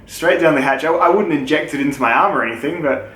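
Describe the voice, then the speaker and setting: A man's voice: on the high side, fast talker, fairly bright tone. A young Australian man answering viewer questions in a loose, joking way, swearing freely. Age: young adult. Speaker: channel host. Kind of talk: casual Q&A chat. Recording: echoey room with faint noise.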